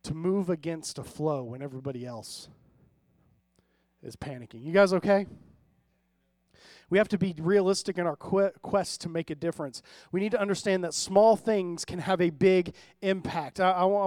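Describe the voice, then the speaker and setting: A pastor with a notably high voice delivers a sermon in a relaxed, conversational style, checking in with his audience often and drifting into funny stories. His pace is brisk, and the recording is dry and close with no room sound.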